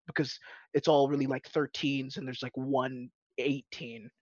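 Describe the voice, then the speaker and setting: Excitable rambling man, dull audio. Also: mid-range voice, moderate pace. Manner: excitable, laughing, swearing, rambling with restarts. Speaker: tabletop game player. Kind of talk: casual podcast chat.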